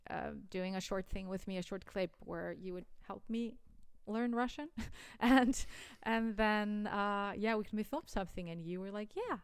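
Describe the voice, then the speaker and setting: Woman from iceland on a podcast, chatty and laughy, acts out what she said, smooth but gravelly voice, dry sound. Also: mid-range voice, unhurried, hardly any pauses, no echo. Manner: lively, laughing storyteller, acts out her own quotes. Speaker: podcast co-host. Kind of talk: casual chat.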